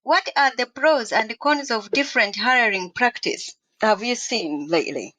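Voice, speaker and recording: Higher-voiced woman podcast host. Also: lively intonation, a little slow, bright, forceful tone. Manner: brief reactions and questions. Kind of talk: podcast interview.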